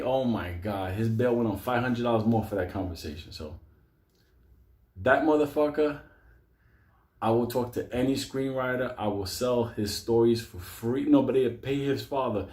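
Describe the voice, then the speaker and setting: At normal speed and in a mid-range voice, a man in an echoey room animatedly shares funny stories about an old pal. He swears nearly nonstop and often laughs along the way.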